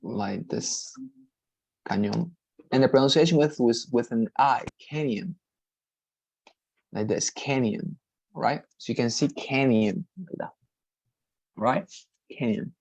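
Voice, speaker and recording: Guy teaching english online, repeats words slow, dry close sound. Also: medium pitch, creaky, a little mellow, no echo, poor audio. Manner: patient, repetitive, models pronunciations slowly, frequent "right?" checks. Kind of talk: online lesson.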